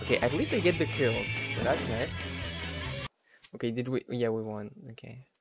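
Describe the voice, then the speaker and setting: A man giving live gameplay commentary as a streamer, excitable and breaking into shouted outbursts. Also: medium pitch, normal speed. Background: loud game music.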